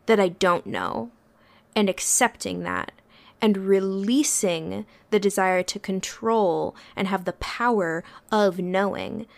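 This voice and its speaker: A woman's voice: mid-range voice, creaky. Reflective woman therapist musing aloud. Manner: thoughtful, searching, with frequent pauses and fillers. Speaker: therapist and podcast co-host. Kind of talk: casual reflective podcast talk.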